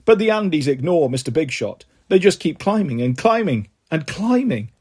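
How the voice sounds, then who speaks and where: A man reading a children's book aloud in an animated way, jumping to higher voices for the characters. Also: moderate pace, husky. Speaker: storybook reader.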